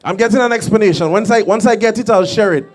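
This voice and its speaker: A man emceeing a live carnival parade with a high, bright-edged pitch. He announces each band energetically and keeps the crowd making noise. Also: quick pace.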